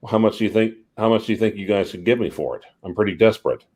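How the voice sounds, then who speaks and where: A man chatting on a livestream, calmly recounting what he has heard. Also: on the low side, fast. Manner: easygoing storyteller, relaxed. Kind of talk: casual livestream chat.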